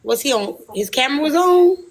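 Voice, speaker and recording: Brash high-voiced woman streamer. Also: animated, a little fast. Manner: brash, profane, defiant. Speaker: livestream host. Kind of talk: casual livestream chat.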